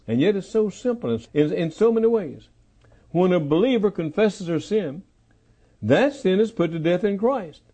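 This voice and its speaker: An older male preacher delivers a sermon with a somewhat high but mellow voice. He presses his points by repeating them, sinking low and soft and then climbing to loud, ringing calls. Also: husky. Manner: emphatic, repeats key phrases, swings between soft lows and loud calls.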